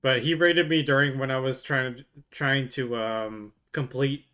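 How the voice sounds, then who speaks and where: Man, live streamer, drunk, casual chat, mid-pitched voice, frequent laughs, swearing, rambling restarts. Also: steady tone, a little slow, pushed and bright, clear, resonant tone, soft background music.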